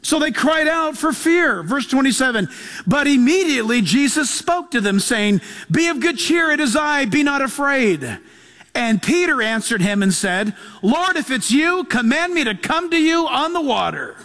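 A man's voice: very high-pitched, expressive, moderate pace, a bit bright. A man preaching a sermon as pastor, reading scripture aloud and driving his points home with emphasis. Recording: long hall reverb.

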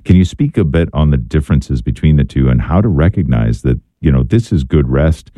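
A man hosting a faith radio call-in show, asking long, measured questions with fillers. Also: a bass voice, animated, dark tone, no room sound, studio quality. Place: radio studio.

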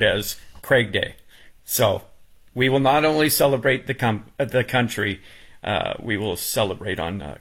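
A man's voice: fairly low pitch, fairly bright tone. A man on a radio talk show, speaking casually with many restarts and fillers, emotional as he recalls a funeral.

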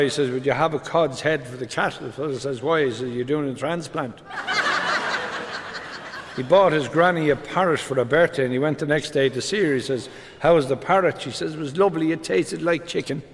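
An older man, telling a string of deadpan one-liner jokes on stage. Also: a little high, brisk, big-room sound, very noisy. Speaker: comedian. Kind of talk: stand-up joke telling.

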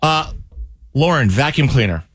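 A man's voice: medium pitch, expressive, over music. A man hosting a radio morning show, leading a casual, playful segment. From Maryland, USA. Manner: quick, playful, runs the segment.

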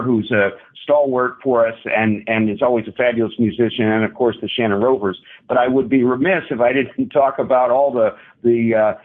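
A man calling in as a guest to a radio interview, upbeat and halting, with lots of restarts. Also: mid-range voice, breathy edge. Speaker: club president, guest. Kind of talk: radio interview over the phone. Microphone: phone. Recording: tinny phone line.

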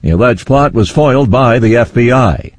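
A man reading radio news headlines in a crisp, measured delivery. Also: medium pitch, lively intonation, no room sound. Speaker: newscaster.

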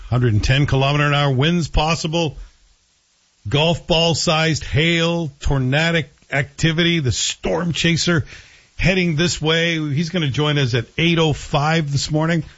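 Guy hosting talk radio, chatty and jokey, a bit muffled like an on-air feed. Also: mid-range voice. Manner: chatty, jokey, animated storytelling. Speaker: radio talk show host.

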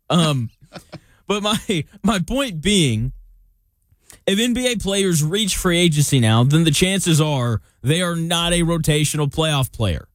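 A man's voice: on the high side, expressive, takes it slowly, dry recording. A young man hosting a sports talk show, giving opinionated, conversational commentary with jokey asides.

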